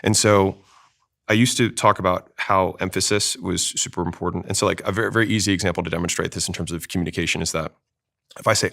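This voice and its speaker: A man talking fast as a sales trainer, explaining with examples in an interview. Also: low-pitched, gravelly, fairly bright tone. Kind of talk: casual interview talk.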